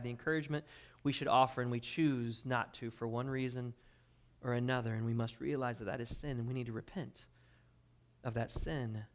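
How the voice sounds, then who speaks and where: A man preaching a sermon as pastor, swinging between hushed intensity and loud emphasis while reading scripture. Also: mid-range voice. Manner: dynamic preaching, drops to quiet intensity then swells loud.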